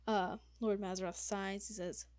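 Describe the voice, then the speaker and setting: A woman's voice: medium pitch, little pitch movement, normal speed, darkish tone, no echo. A woman game master narrating a tabletop game in a loose, casual way, full of fillers and swearing.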